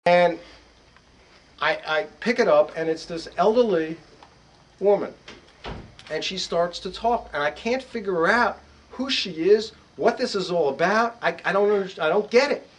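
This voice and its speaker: A middle-aged man with an American accent tells anecdotes to a bookstore audience, his voice pitched fairly high for a man. He acts out the people in his stories with lively quoted voices. He talks like a psychologist and author sharing his own experiences. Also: moderate pace, poor audio. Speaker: author and psychologist giving a talk. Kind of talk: storytelling to a live audience. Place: bookstore event room.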